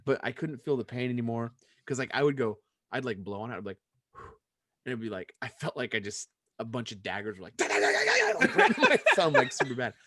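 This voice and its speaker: A young adult man co-hosting a podcast in casual chat, telling a story in an animated way and acting out the lines he quotes. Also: mid-range voice, fairly quick, dry recording. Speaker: podcast co-host.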